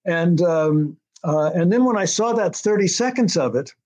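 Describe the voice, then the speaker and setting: Older man with a high voice, rambling. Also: lively intonation, moderate pace, a little mellow. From United States. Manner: rambling with many restarts and fillers. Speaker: TV writer-director being interviewed. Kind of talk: casual interview storytelling.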